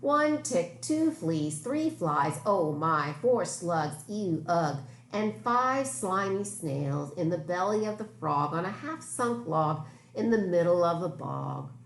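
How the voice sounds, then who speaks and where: Slow, expressive woman reading to kids. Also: on the low side. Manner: animated, exclaiming, pointing out pictures. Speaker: teacher reading a picture book aloud. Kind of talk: children's read-aloud. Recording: echoey room with faint noise.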